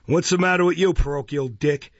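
A man voicing a pompous, bullying parish beadle who speaks loudly and imperiously, his voice raised well above his own. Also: a little high, a little slow, vocal fry, breathy edge, no echo, pitched above the performer's own voice, exaggerated voice. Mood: blustering. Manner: blustering, loud and imperious. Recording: dull, dry lo-fi recording.

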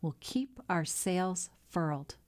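A woman voicing a blunt, loyal old male sailor who talks in a gruff, plain-spoken way in a storybook reading. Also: fairly low pitch, lively intonation, slow. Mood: earnest.

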